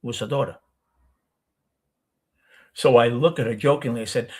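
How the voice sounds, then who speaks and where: Older ny guy hosting, husky voice, rambles and fixes himself as he goes. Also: fairly high pitch, normal speed, pauses often, a little mellow. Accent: New York. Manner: rambling, self-correcting storyteller. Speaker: host. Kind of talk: casual storytelling.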